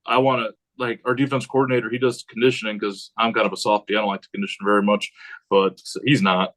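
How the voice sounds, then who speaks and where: A man who is a high school head football coach, talking casually on a podcast in a rambling way and acting out what he says to players. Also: poor audio. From United States. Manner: rambling, animated, acts out quotes of himself.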